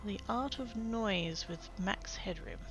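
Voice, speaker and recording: A woman's voice: mid-range voice, takes it slowly, lo-fi sound, music in the background. A woman chatting casually to her livestream chat while sorting craft supplies, self-mocking and rambling. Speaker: craft streamer.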